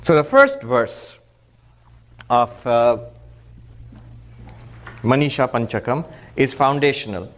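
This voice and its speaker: Speaking slowly with long pauses in a medium-pitched voice, a monk teaches Vedanta through a parable, a little hiss or hum audible underneath. He's an animated storyteller who acts out the dialogue and chants Sanskrit verse.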